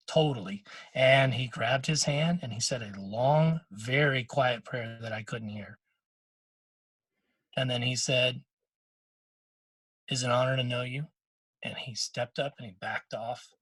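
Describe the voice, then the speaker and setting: A middle-aged man co-hosting a podcast, telling a moving personal story in casual chat, with frequent restarts and quick quoted lines from others. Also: mid-range voice, breathy edge, no room sound. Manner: emotional storytelling with many restarts; quotes others in short bursts. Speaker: podcast co-host.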